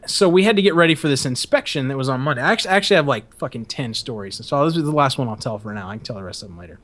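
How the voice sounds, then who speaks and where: A man's voice: mid-range voice, animated, rapid-fire, fairly bright tone. A man hosting a podcast, telling rambling, profane stories in a casual chat and laughing as he goes. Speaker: podcast host.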